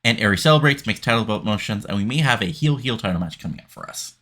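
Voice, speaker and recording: A man's voice: on the low side, expressive, fast, fairly bright tone. A man giving casual let's-play commentary on a wrestling sim, rambling with many fillers. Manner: rambling, filler-heavy recapping. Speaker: game commentator.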